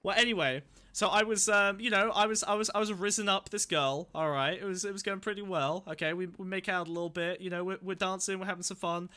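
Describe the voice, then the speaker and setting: A man's voice: sits high, fairly even intonation, fast, hardly any pauses, bright, forceful tone, smooth. A young man hosting a podcast, telling rambling, profane anecdotes in casual chat and laughing between stories. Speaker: podcast host.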